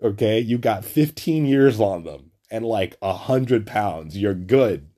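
A man's voice: on the low side, expressive, slow, dark tone. A young man, host of a podcast, telling a story in a casual, profane, rambling monologue full of "like". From Flatbush, Brooklyn. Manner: profane, rambling, heavy use of "like".

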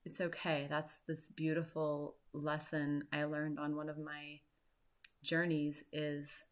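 A woman in her forties, a podcast host, telling a personal story in an earnest, reflective way with soft laughs. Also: low-pitched, monotone, slow. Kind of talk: personal story and motivational talk.

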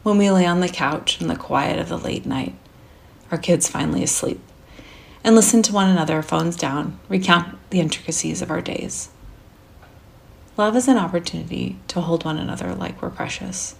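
Woman, author reading own story, low pitch, heavy vocal fry, soft intimate delivery. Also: normal speed. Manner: soft, intimate, dropping to near whispers. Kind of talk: first-person literary reading.

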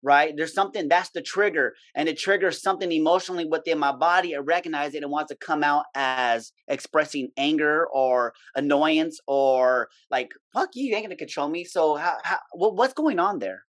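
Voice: medium pitch, normal speed, hardly any pauses, a bit bright. A guest in a casual talk, telling a work story bluntly with plenty of swearing. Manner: blunt, salty storytelling with acted-out quotes. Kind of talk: casual podcast chat.

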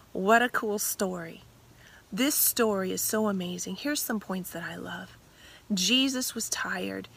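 A woman retelling a scripture story dramatically, animated and often dropping to whispers. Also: mid-range voice, creaky, slightly rough.

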